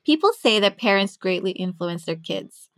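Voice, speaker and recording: Chatty upbeat woman host, mid pitch, dry studio mic, soft music underneath. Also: animated, moderate pace, dry recording. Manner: bubbly, enthusiastic, chatty. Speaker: podcast host. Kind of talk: podcast hosting and interviewing.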